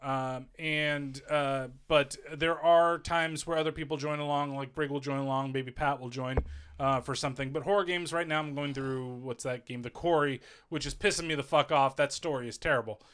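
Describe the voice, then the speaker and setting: Man co-hosting a podcast, bright voice, slightly high, rambling, jokey. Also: steady tone, normal speed, clear, resonant tone. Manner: rambling, jokey, laughs often. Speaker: podcast co-host. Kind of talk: casual chat.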